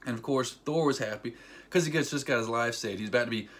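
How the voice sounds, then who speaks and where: A man vlogging a casual, excited movie recap, rambling with fillers and acting scenes out with sound effects like "boom" and "ding.". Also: fast talker. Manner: animated storyteller with sound effects; loose, rambling, filler-heavy delivery.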